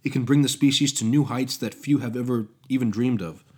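A man's voice: medium pitch, fast, a little mellow, pitched above the performer's own voice, lightly acted. A man voicing a passionate, idealistic young male inventor in a story reading, speaking in an impassioned, pleading way.

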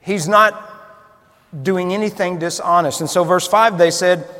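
A man preaches in a chatty, questioning way, as if talking with his listeners. His voice sits high for a man. A long reverb trails his words, as in a large hall. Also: a little slow, bright, forceful tone. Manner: conversational, asks the listeners questions. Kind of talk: sermon.

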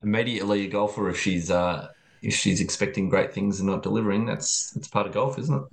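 A man co-hosting a podcast, mostly adding short agreeing remarks and quick questions. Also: fairly low pitch, gravelly. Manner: brief agreeing interjections. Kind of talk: casual podcast chat.

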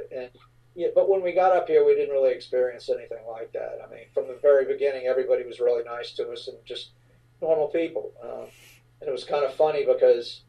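A middle-aged man from the New Orleans area, a rock frontman telling stories in an interview, relaxed and rambling with many fillers. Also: mid-range voice, distant mic, rough recording. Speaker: rock band frontman, guest. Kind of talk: casual interview storytelling.

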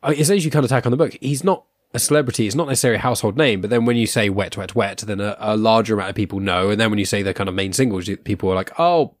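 A man's voice: lowish voice, steady tone, racing, few pauses, no room sound, studio quality. A young man hosting a podcast, chatting casually with a rambling, self-deprecating manner, full of fillers and restarts. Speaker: podcast host.

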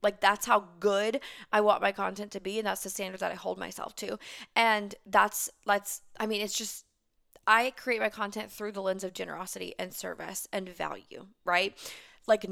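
A woman's voice: medium pitch, steady tone, normal speed, vocal fry, fairly bright tone. A woman in her thirties hosting a casual solo podcast as a business coach, chatty and emphatic, swearing and laughing freely, heavily pregnant and short on sleep.

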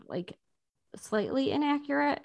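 A woman co-hosting a casual podcast chat about a baking show, animated and fond of playful mock quotes. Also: sits high, unhurried, vocal fry, dry recording. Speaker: podcast co-host.

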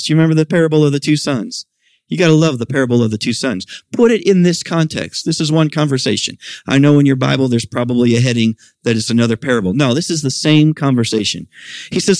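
A man's voice: medium pitch, fast, darkish tone, dry recording. A middle-aged man preaching a sermon at a church service, talking animatedly and raising his voice for quoted questions. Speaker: pastor.

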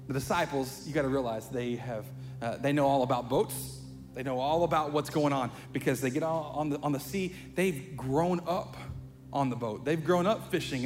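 A pastor preaching a sermon in a chatty, conversational way, building to animated emphasis. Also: male voice, on the high side. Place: church sanctuary. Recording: long hall reverb, faint music.

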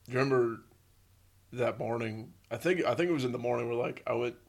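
A man with a gravelly, creaky voice at a middle pitch, chatting with a friend. He tells stories in a relaxed way, full of fillers and casual swearing. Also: fast. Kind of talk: casual chat.

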